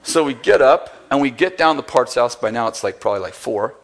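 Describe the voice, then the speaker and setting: A man's voice: mid-range voice, animated, brisk, creaky. A man preaching a sermon, telling a story with acted-out dialogue and bursts of laughter. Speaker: pastor.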